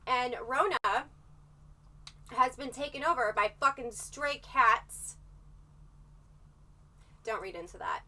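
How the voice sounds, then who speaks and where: A woman's voice: sits high, takes it slowly, pauses often, distant mic. A woman livestreaming in a casual chat, rambling and swearing freely as she tells her story. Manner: profane, rambling, animated storytelling.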